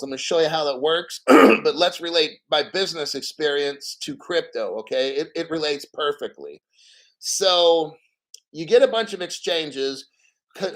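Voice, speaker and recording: A man's voice: fairly high pitch, a bit bright. A middle-aged man hosting a casual livestream, ranting bluntly and profanely and checking in with "okay?". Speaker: crypto livestream host.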